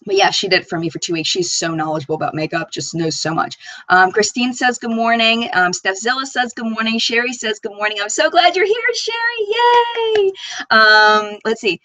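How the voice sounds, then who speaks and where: Casting: excitable woman streamer, chatty, close dry mic. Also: medium pitch, fairly quick, dry recording, rough recording. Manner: bubbly, chatty, reads viewer comments aloud. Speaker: beauty channel host. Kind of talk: live chat stream.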